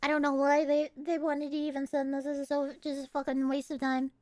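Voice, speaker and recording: A young adult woman streaming and chatting casually, excitable and quick to swear. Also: high voice, no echo. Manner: excitable and profane, swears freely. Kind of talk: casual livestream chat.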